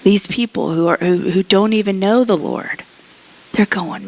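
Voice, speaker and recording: Woman pastor, casual sermon, slow deliberate delivery, acts out voices. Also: medium pitch, expressive. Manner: conversational preaching, acts out characters' voices.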